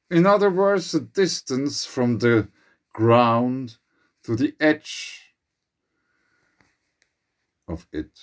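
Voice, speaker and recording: Slow, musing man with a Finnish accent. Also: fairly low pitch. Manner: slow, musing, non-native phrasing. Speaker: channel host. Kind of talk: speculative monologue.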